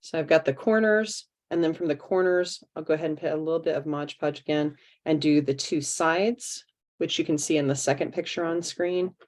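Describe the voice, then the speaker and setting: Low voiced lady explaining a craft step by step on a video call, chatty. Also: brisk, darkish tone. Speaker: art teacher leading a craft workshop. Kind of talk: online craft demonstration.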